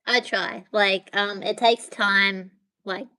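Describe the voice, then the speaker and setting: Chatty woman rambling on a phone livestream, bright crisp voice, lots of um and like. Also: mid-range voice, fairly even intonation, slow, no echo. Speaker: livestream host. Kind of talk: casual livestream chat with viewers.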